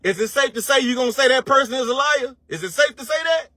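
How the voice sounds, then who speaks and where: High-voiced man preaching in slang. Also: animated, pushed and bright, no room sound, studio quality. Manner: rhetorical questions, profane, street slang; preachy, drawn-out emphasis. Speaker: online commentator. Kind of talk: casual motivational rant to camera.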